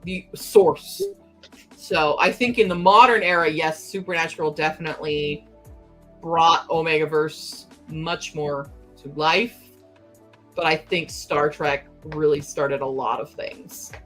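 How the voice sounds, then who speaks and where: A woman's voice: low voice, steady tone, unhurried, a bit bright, soft background music. A young woman hosting a casual livestream from home, chatting and giggling as she answers her chat aloud. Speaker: livestream host.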